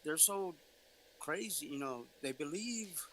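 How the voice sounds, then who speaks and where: A man's voice: fairly high pitch, animated, slow, fairly bright tone, a little hiss or hum, low-quality recording. A man talking on a casual livestream, rambling and losing his train of thought.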